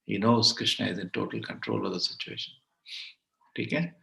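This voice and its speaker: A man's voice: lowish voice, fairly even intonation, moderate pace, gravelly, sharp tone. A man teaching a devotional scripture class, speaking emphatically and repeating phrases for stress over an online call. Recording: roomy echo.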